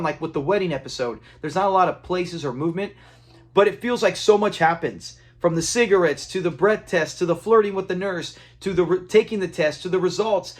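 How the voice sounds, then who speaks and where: Chatty man recapping a sitcom episode. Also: sits high. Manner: retells scenes, acts out quotes, chuckles. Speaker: TV episode reviewer.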